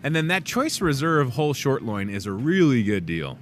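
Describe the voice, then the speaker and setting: A man's voice: moderate pace, slight background noise. Chatty, joking male store-show host. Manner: chatty, joking asides, lively swings in pitch. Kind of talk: casual promo chat. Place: grocery store.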